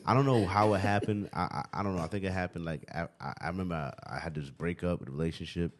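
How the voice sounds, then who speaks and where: Man, young adult, podcast host, very low voice, quick, rambling, casual swearing. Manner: rambling, swears, keeps saying "you know what I mean".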